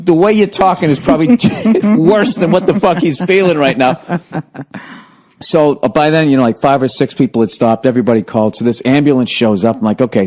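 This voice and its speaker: A man's voice: fairly high pitch, a little mellow. A man hosting a podcast, telling a story in casual chat, swearing a lot and laughing through it. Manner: profane, laughs through his own story. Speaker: podcast host.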